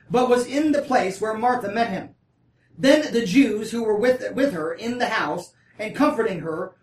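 Bible study leader reading scripture and explaining it, casual and talkative, asks the group questions, set back from the mic in an echoey room. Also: medium pitch. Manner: reads scripture aloud, then breaks off to explain casually; often checks in with listeners. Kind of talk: conversational Bible study teaching. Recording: roomy, distant mic.

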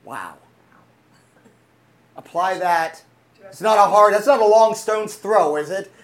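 Preacher mid sermon, middle-pitch voice, lots of uh and um, keeps asking amen. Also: moderate pace. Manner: rambling storyteller with many restarts and fillers; calls for congregation response.

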